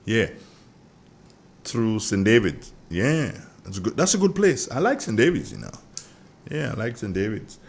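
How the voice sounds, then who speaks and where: A middle-aged Grenadian man hosts a morning radio show in a low voice that rises and falls with great animation. He jokes and chats freely, sending shout-outs to his listeners one after another. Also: huge pitch swings, moderate pace, gravelly. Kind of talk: casual morning radio chat.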